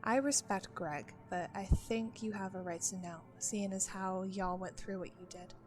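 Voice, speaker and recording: A middle-aged ranger with a thick Southern US drawl, talking in a folksy, hushed, confiding way, voiced by a woman reading a story. Faint music sits under the voice. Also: mid-range voice, moderate pace, natural voice.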